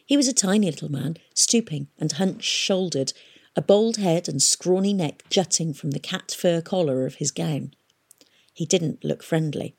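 A woman reading a novel aloud in a steady, measured storytelling voice. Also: fairly low pitch, gravelly, husky. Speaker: audiobook reader.

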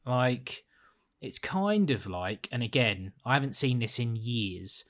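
A man's voice: mid-range voice, sing-song, slow pace, fairly bright tone. A man with a blunt, sweary, rambling manner, chatting casually as a podcast co-host reviewing a film.

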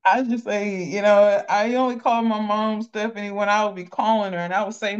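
A woman's voice: medium pitch, brisk, few pauses, clean tone, lo-fi sound. A woman chatting on a podcast, retelling a story playfully with quoted voices. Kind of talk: casual chat.

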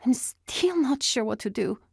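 Woman doing a squeaky, anxious woman. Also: expressive, a little slow, dark tone, slightly rough, no room sound, clean studio sound, full character voice. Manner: high, wavering.

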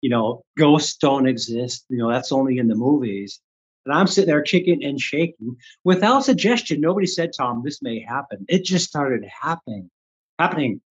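Older midwest-raised guy, husky voice, animated storytelling, kinda dull lo-fi sound. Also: medium pitch, moderate pace. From Midwestern United States. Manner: animated, acts out his own past thoughts. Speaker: guest, Reiki teacher. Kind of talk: candid storytelling.

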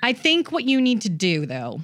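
A woman's voice: on the high side, huge pitch swings, moderate pace, fairly bright tone, no echo. A woman hosting a comedic dating advice show, coaching a guest in a brash, bossy way. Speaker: host.

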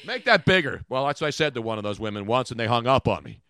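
A middle-aged man hosting a radio show, riffing in casual comedic banter with an animated, rambling delivery. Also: mid-range voice, fast talker, no room sound, clean studio sound. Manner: animated, joking, rambling riffs.

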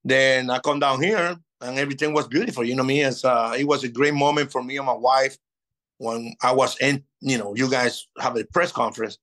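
A man in his fifties, a native Spanish speaker, telling lively stories in a casual interview and acting out old conversations. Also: medium pitch, fairly quick, rough recording. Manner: animated, acts out past dialogue. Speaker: interview guest.

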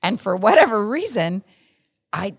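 A woman's voice: mid-range voice, a little slow, creaky, husky. A woman co-hosting a podcast, telling a story in casual chat and laughing through it. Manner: animated, laughs through her own story. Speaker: podcast co-host.

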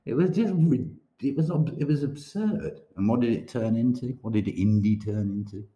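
A man's voice: mid-range voice, animated, normal speed, dark tone, reverberant, dull audio. A man who is an author talking casually on a podcast, rambling, swearing and laughing often. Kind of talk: casual chat.

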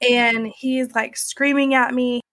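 High-voiced young woman telling her story. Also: level tone, slow pace, fairly bright tone. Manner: conversational, many fillers like "like" and "you know". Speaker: interviewee recounting her experience. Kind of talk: emotional personal storytelling.

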